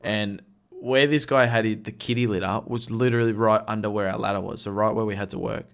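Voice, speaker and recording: A man's voice: lowish voice, steady tone, fairly quick, gravelly, fairly bright tone, smooth. A man co-hosting a podcast, telling rambling work stories full of slang and swearing. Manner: profane, rambling, heavy slang. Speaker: podcast co-host. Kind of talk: casual storytelling.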